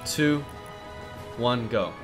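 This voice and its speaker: A man hosting a game over voice chat, excitable and quick to laugh, dropping low and quiet when he calls out commands. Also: over music. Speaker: gaming channel host running a game.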